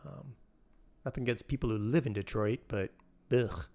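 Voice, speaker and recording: A man's voice: mid-range voice, brisk, vocal fry, dark tone, slightly rough. A man rambling casually on a live game stream, answering chat and laughing often.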